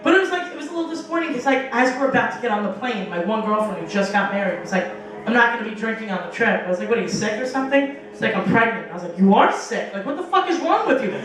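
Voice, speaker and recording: Very fast and animated, her voice on the high side, a young woman performs a stand-up set at a small bar with a live audience, spinning profane stories with acted-out quotes. Background noise, room echo, and a distant mic mark the recording.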